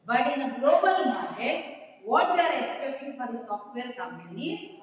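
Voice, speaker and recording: A woman's voice: high-pitched, sing-song, moderate pace. A woman with an Indian English accent, lecturing as a communication trainer, explaining step by step with examples and questions to her students. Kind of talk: classroom lecture. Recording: echoey hall, voice from far off.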